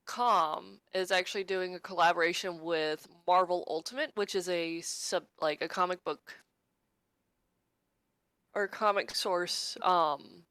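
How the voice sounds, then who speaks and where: Woman, podcast co-host, excitable, swears a lot, lowish pitch, dry. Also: clean tone, no room sound. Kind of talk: casual chat.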